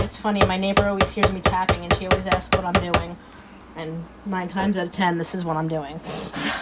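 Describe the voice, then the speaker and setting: A middle-aged woman, chatting folksily and laughing as she demonstrates a recipe in her home kitchen. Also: lowish voice. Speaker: cooking vlog host. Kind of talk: casual cooking demonstration. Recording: loud background noise.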